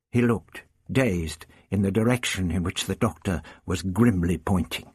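Husky man narrating dramatically. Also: on the low side, no room sound, studio quality. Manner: dramatic, expressive reading. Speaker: audiobook reader. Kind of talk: scripted narration.

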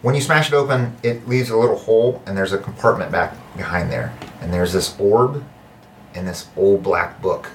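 A man narrating as game master in a tabletop game, pausing and restarting as he searches for words. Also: fairly low pitch, slight background noise, low-quality recording.

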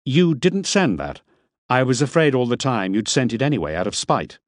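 A man plays a hired driver and guide who speaks respectfully yet with some indignation, a bit defensive as he hides his nerves. The voice is natural but pitched above the performer's own, medium overall with big pitch swings and normal speed, recorded in studio quality with no echo.

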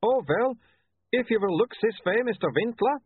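A man doing an earnest foreign vampire photographer, higher voice. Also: expressive, normal speed, husky, no echo. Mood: eager. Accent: foreign put-on accent. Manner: earnest, stiff phrasing. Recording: tinny phone-like, dry.

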